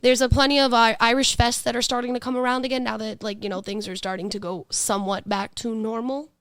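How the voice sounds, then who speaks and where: New york lady podcasting, kinda high smooth voice, dry close sound, rambles and laughs a lot. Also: fairly even intonation, quick pace, dry recording. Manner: chatty, laughing, swearing, restarts often. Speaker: podcast co-host. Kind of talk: casual chat.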